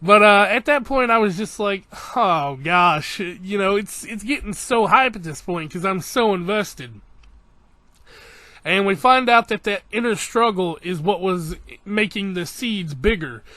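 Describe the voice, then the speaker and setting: Bright, high-voiced excited male reviewer. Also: a little slow, dry recording. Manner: excited, swears freely, re-enacts scenes. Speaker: anime reviewer. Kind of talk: casual episode recap.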